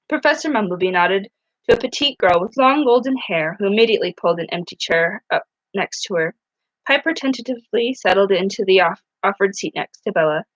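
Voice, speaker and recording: A woman's voice: fairly low pitch, brisk, a bit bright, dry recording, low-quality recording. A woman reading a novel aloud in a casual way, often stumbling and restarting her words. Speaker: reader.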